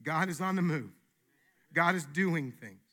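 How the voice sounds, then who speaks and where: Man pastor preaching, high voice, forceful, repeats key lines, plain folksy talk. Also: animated, measured pace. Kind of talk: sermon.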